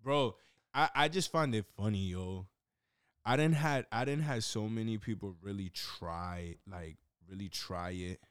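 A young man in casual chat, telling animated stories in heavy slang and repeating himself. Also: lowish voice, measured pace, clear, resonant tone, no room sound, studio quality.

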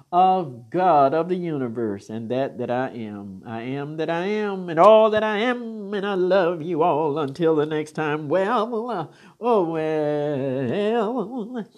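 An older woman speaks in a somewhat low voice. She gives a fervent spiritual pep talk, repeating her phrases the way a preacher does and pouring out blessings. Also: expressive, slow, a little mellow. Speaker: spiritual encourager. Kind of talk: inspirational spoken message.

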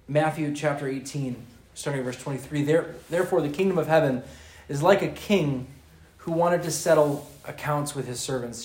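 Preaching man in an echoey room. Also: a little high. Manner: casual, retells scripture in modern slang. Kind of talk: sermon.

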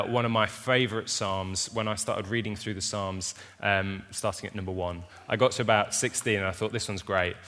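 A man's voice: lowish voice, a bit bright, in a large hall. A man preaching a sermon to a congregation, talking casually and telling stories with touches of humor. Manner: casual, conversational storytelling with humor. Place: church hall with an audience.

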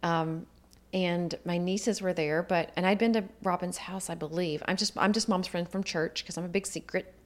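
With a fairly low pitch and fairly even intonation, this guest recounts her life story at a moderate pace with few pauses. It's earnest, reflective conversational storytelling, and she acts out the dialogue of others along the way.

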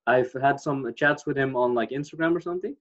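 A man's voice: mid-range voice, fairly quick, a bit bright. A man with a Dutch accent chatting casually, hesitant and searching for words with many fillers. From Netherlands. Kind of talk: casual chat. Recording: dull lo-fi sound.

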